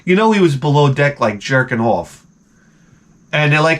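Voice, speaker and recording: Male vlog host with a slightly high voice, rambling and exasperated, swears freely and restarts his sentences. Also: very animated, normal speed, long pauses, a bit bright. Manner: profane, digressive and exasperated; often repeats and restarts words. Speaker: video host. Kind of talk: rambling comedic rant.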